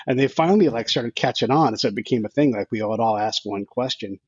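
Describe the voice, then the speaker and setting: A man's voice: medium pitch, fast, hardly any pauses, slightly rough, no room sound, dull audio. A man in his fifties, a podcast guest, telling a rambling story with many restarts and quoted asides. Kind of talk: casual storytelling.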